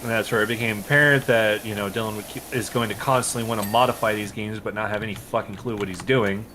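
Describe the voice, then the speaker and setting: A man's voice: on the low side, steady tone, fast talker, bright, forceful tone, a little hiss or hum, poor audio. A man on a co-op game stream telling a long, exasperated story in casual chat, swearing freely and restarting his sentences.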